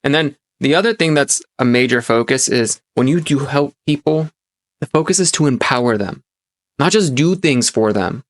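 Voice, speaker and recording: A man's voice: mid-range voice, lively intonation, normal speed, no echo. A young man telling a personal story and giving advice, earnest and rambling, with many restarts and fillers. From immigrant childhood, grew up in America. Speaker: self-help podcast host.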